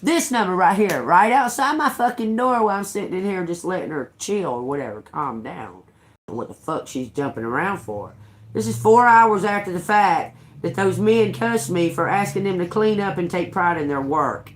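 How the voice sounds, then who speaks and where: A woman, a tarot reader telling a story on a live stream in a heated, swearing, animated rant. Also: lowish voice, normal speed, a little hiss or hum. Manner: profane, heated, animated retelling.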